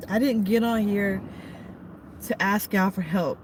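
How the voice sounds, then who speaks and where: A woman vlogger speaks to her audience in a halting, emotional way, thanking supporters by name. Her voice sits in a fairly ordinary register. Steady noise runs underneath the recording. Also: mid-range voice. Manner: tearful, thanking viewers by name. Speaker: trucker and vlogger. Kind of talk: emotional live-stream chat. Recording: noisy background.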